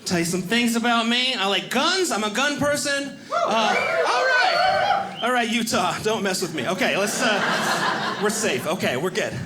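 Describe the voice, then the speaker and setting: A man doing a stand-up comedy set on stage, animated and acting out other people in quick voices. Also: sits high. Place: stage before a live audience. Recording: live club recording with audience noise. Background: audience laughter.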